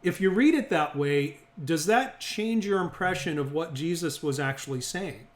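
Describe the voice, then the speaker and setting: A man's voice: on the high side, expressive, moderate pace, slight background noise. A man teaching a Bible study group, reasoning through the text aloud and often checking that the group is following. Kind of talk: interactive Bible lesson. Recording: echoey room.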